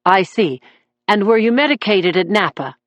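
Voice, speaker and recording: A woman voicing a composed male defense lawyer who speaks calmly and matter-of-factly. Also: sits high, moderate pace, no echo. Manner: calm, matter-of-fact, even. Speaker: defense attorney.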